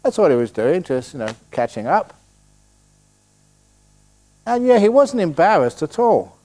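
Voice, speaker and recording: A man's voice: a little high, very animated, unhurried, dark tone. Joking older Englishman teaching meditation. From England. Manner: joking, storytelling, acts out quoted voices. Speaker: Buddhist meditation teacher answering questions. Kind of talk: humorous Q&A talk at a retreat. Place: meditation hall.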